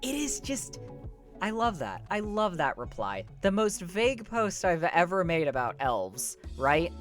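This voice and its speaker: Woman streamer, low voice with a lot of swing, playful and jokey, casual stream banter, faint music underneath. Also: big pitch swings, unhurried.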